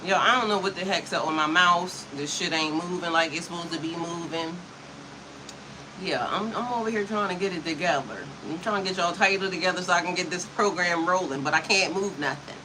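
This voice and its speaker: Livestreaming to her chat over a computer mic, a spiritual coach in her fifties talks in a sassy, profane way with frequent laughter. Her voice is on the low side, and there's background noise.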